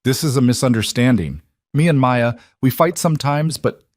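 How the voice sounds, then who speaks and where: A man voicing a cowardly, abusive young boyfriend with a wheedling, whiny tone, pitched above his own voice. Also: slow, a little mellow, no room sound, studio quality. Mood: wheedling, scared.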